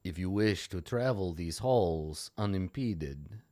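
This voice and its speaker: A man's voice: low-pitched, lively intonation, warm tone, no room sound, clean studio sound. A man voicing a formal, menacing male monster clan lord in a tabletop game. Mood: ominously polite. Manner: formal, slow, menacing politeness. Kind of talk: tabletop game role-play.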